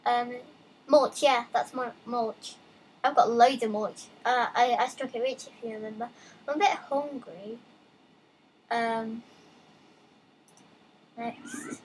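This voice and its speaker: A young woman casually commenting while playing a game, reading on-screen text aloud with excitable, chatty asides. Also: fairly high pitch, takes it slowly, long pauses, slight background noise, poor audio. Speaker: let's play gamer.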